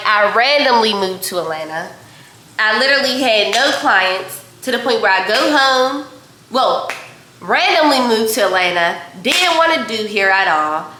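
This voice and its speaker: A young woman from Pittsburgh, a hairstylist, telling a story casually to her viewers while she cooks in her kitchen, chatty and animated. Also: a little high, reverberant, a little hiss or hum. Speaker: vlogger and hairstylist. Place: home kitchen.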